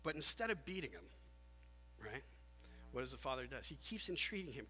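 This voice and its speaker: A man preaching a sermon as pastor, animated and emphatic, often restarting his phrases. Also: medium pitch, brisk, a little hiss or hum. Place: church sanctuary. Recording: long church hall reverb.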